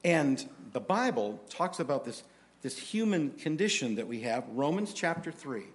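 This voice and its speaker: A man preaching a sermon in a conversational, storytelling way, with animated delivery. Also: fairly high pitch, normal speed. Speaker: pastor.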